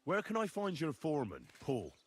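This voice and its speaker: A man's voice: fairly high pitch, wildly swooping pitch, moderate pace, breathy edge, soft background music, exaggerated voice. An actor playing a polite, inquisitive young male nobleman in a video game. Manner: polite, questioning, firm when crossed.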